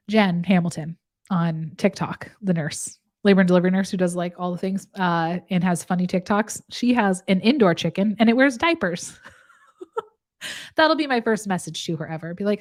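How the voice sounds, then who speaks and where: A woman's voice: lowish voice, moderate pace. A woman nurse practitioner chatting casually with her viewers. She is talkative and laughs often in the middle of her sentences. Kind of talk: casual live chat with viewers.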